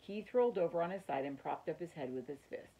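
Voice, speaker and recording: Reading a children's chapter book aloud the way a teacher would, this woman speaks fast in a low voice with a breathy edge. She storytells expressively to children, and the audio sounds dull.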